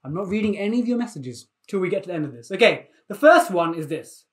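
A man teaching a live online maths lesson for children, energetic and playful, often repeating himself. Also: high-pitched, fast talker.

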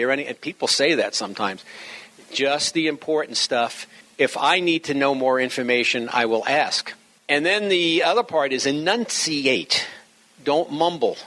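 A middle-aged or older man giving a humorous instructional talk to radio hobbyists, joking and slowing down to stress his words. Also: a little high, bright, forceful tone. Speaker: speaker at an amateur radio talk.

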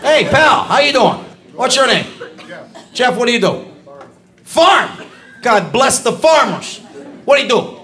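A man doing a stand-up comedy routine on a club stage, ranting, shouting punchlines and bantering with the crowd. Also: very high voice, sing-song, measured pace, long pauses. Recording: live club with loud audience laughter. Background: crowd laughing.

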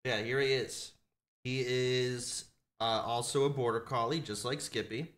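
A man streaming from his desk, talking casually and swearing now and then, slipping into high baby talk with a puppy. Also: steady tone, measured pace, a bit bright. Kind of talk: casual live-stream chat.

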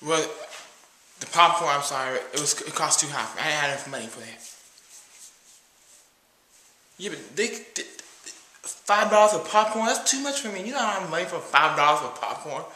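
A man's voice: fairly high pitch, lively intonation, moderate pace, long pauses, bright, forceful tone, echoey room. A man playing a cheap, nervous date who brags about himself and keeps calling himself "your boy", in a comedy skit.

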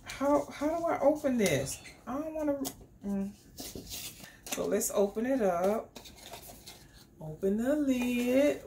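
Woman vlogger, excitable, lively pitch, slow easy pace, faint room ambience. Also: slight background noise. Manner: chatty and excitable, talks straight to viewers. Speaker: beauty vlogger. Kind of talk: casual unboxing vlog. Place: home indoors.

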